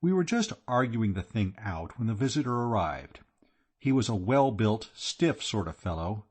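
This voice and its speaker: A man reading an audiobook with lively, chatty storytelling. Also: fairly low pitch, moderate pace. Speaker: audiobook narrator. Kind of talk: scripted narration.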